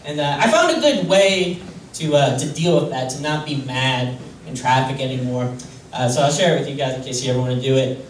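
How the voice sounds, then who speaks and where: A man doing a stand-up comedy set on a club stage, deadpan and self-deprecating, hesitant with many fillers. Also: mid-range voice, fairly quick. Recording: roomy distant club recording with noise.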